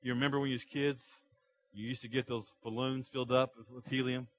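A man's voice: mid-range voice, flat delivery, a little fast. A man preaching a sermon to a congregation, building energy with rhetorical questions. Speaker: pastor. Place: church sanctuary.

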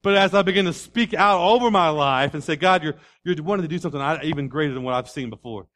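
A man preaching a sermon in a folksy way, building to loud repeated declarations. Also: a little high, fast. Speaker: pastor.

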